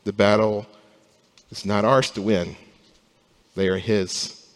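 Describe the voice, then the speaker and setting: A young adult man, a pastor, preaching a sermon, rising from quiet, slow passages to loud emphasis. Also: lowish voice, big-room sound.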